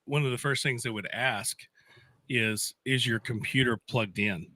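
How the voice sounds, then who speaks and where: A man co-hosting a radio show, chatting casually and telling animated stories with frequent laughter. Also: mid-range voice, measured pace, no room sound. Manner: animated storyteller, laughs often. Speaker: radio co-host. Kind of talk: casual on-air banter. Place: radio studio.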